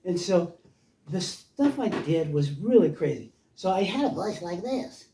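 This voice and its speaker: An older man with a high, animated, warm voice tells playful, meandering childhood stories at a house by the ocean, speaking at a moderate pace. He is a guest storyteller, and the recording sounds roomy, as if he's far from the mic.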